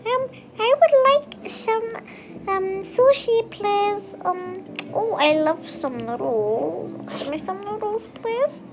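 Woman doing a super high squeaky shy customer girl, lots of ums, muffled sound. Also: expressive, music in the background, heavily acted. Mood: timid. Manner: hesitant, halting "um"s.

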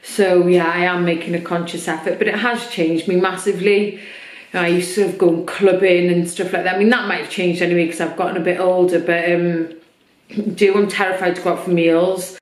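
A woman's voice: lowish voice, little pitch movement, brisk. A woman talking openly in a personal vlog, chatty with lots of fillers, her throat a little irritated. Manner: open, chatty, many fillers. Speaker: vlogger. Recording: echoey room.

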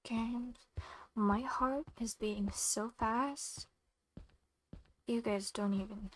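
A woman's voice: on the high side, steady tone, slow pace, a little hiss or hum, poor audio. Nervous young woman playing a horror game. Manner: nervous, talks to herself in short anxious questions. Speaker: gamer.

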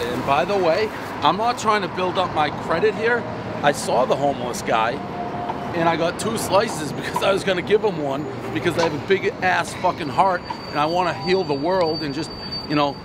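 A man giving a casual, profane, joking pizza review on a city street corner. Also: a little high. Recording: street traffic noise.

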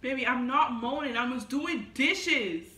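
A woman's voice: high-pitched, measured pace, bright, forceful tone. A woman talking casually in a prank vlog at home, giggly and playfully defensive. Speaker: vlogger. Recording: roomy, from a distance off the mic.

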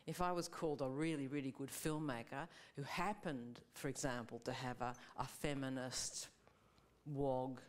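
A woman's voice: rumbling low, fairly even intonation, normal speed. A woman, a film director speaking thoughtfully on a live panel, searching for her words. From Australia. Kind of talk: panel discussion. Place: live gallery panel event.

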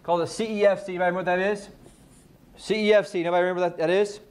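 High-voiced energetic male sales trainer. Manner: energetic, quizzes the audience, rapid questions. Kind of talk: live sales training talk. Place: training room with a live audience.

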